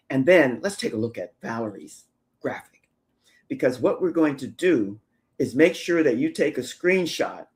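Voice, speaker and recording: A woman's voice: low voice, a little mellow. A woman hosting a live show for women entrepreneurs, giving encouraging, repeated calls to action. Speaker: show host.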